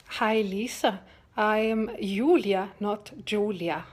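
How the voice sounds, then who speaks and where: A cheery Dutch woman, put on by a woman, talks through a sauce recipe in a put-on Dutch accent. She is louder and a little higher than an everyday voice, and she takes her time with each step. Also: animated, a little slow, breathy edge. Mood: cheerful. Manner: bright, loud, instructive cooking demo.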